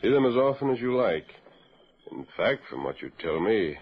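An actor playing a calm masked frontier hero and steady mentor in a 1940s radio drama, measured and grave. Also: male voice, lowish voice. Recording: dull old radio broadcast.

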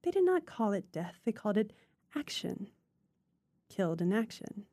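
A woman's voice: mid-range voice, very animated, moderate pace, mellow, no room sound. A woman reading as a reserved, composed daughter. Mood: grave. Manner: composed, restrained. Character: composed middle-aged daughter, reserved and precise.

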